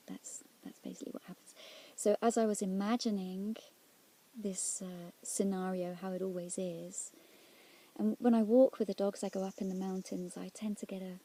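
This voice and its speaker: Soft, gravelly woman, half-whispered. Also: mid-range voice, fairly even intonation. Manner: soft-spoken, drops often into near-whispers; halting and searching, with restarts. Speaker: Christian speaker sharing a prayer experience. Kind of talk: reflective personal testimony.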